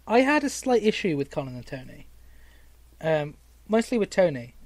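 A chatty young man from Britain hosting a casual podcast, laughing easily and tripping over his own sentences. His pitch swings a lot and sits a touch high for a man, and the sound is dry and close to the mic. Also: very animated, normal speed, darkish tone, dry recording. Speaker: podcast host. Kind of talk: casual chat.

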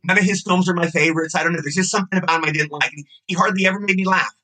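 A man's voice: high voice, fairly even intonation, rapid-fire, pushed and bright, a little hiss or hum, poor audio. A man in his sixties, a guest actor, telling stories in a casual interview with gushing enthusiasm.

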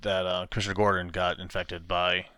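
A man, co-hosting a casual comic book podcast, halting and searching for words as he talks. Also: deep voice, little pitch movement, sharp tone, smooth, no room sound. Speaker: podcast co-host.

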